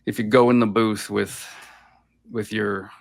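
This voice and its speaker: Gravelly low-voiced man telling stories. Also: little pitch movement, measured pace. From Boston. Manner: rambling anecdotes full of filler "like". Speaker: voice actor guest. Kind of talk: casual interview storytelling.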